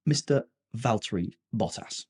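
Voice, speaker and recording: A man's voice: fairly low pitch, measured pace, slightly rough. A man co-hosting a podcast in casual, playful chat, cursing now and then when a game goes wrong. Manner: animated, playful, swears when frustrated. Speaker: podcast co-host.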